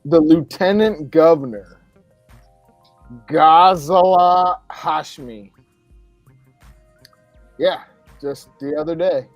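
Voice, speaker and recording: A man's voice: fairly high pitch, very slow, long pauses, no room sound, faint music behind. A man hosting a casual podcast, rambling and often laughing as he talks. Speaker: podcast host. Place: home studio, Florida.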